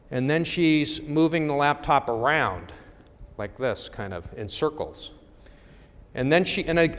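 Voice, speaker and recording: A man's voice: fairly high pitch, a bit bright, big-room sound. A middle-aged man presenting at a talk, telling a wry story in a conversational way with frequent check-ins to the audience.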